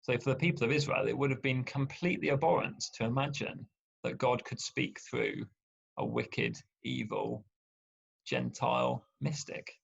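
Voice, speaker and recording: A man's voice: medium pitch, steady tone, normal speed, vocal fry, breathy edge. A man preaching a sermon in a conversational storytelling way, with wry asides. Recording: dull lo-fi sound.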